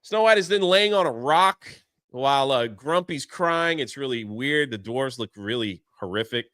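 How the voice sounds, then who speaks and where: A man hosting a casual talk show, recapping a film in an animated way and briefly putting on voices for its characters. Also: medium pitch, no room sound, studio quality. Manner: animated retelling, acting out characters' lines in quick put-on voices. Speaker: show host. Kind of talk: casual movie recap chat.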